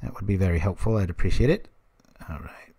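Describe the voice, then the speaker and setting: A man in his thirties with a fairly low voice talks through his plays in a live card game stream. He drifts into casual, rambling asides and keeps checking in with his chat as he goes. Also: brisk, warm tone, breathy edge. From United States.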